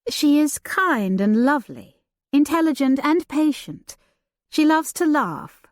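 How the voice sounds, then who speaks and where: A woman voicing a timid young governess who speaks hesitantly and quietly. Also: high-pitched, lively intonation, a little slow, dry recording, clean studio sound, voice pushed up.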